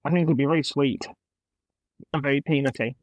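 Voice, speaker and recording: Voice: medium pitch, fairly quick, dry recording. A podcast co-host in a playful, teasing casual chat about tasting snacks.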